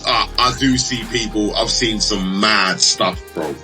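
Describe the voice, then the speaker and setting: A young man chatting casually, telling animated stories and acting out arguments in raised voices. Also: lowish voice, unhurried, faint music behind, low-quality recording. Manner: animated storyteller, acts out quarrels in raised voices. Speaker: betting shop assistant manager. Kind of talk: casual chat.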